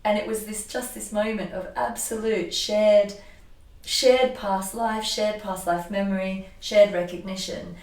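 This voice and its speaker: A woman energy healer telling a personal story in an animated, emotional way, often restarting her sentences. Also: medium pitch, a little slow. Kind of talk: casual conversation, personal storytelling. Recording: echoey room, voice from a distance.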